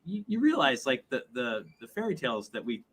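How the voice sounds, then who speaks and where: Animated, husky-voiced man explaining. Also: mid-range voice, brisk. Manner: animated explaining, repeated "like" and "right?". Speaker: podcast co-host. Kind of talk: live podcast discussion.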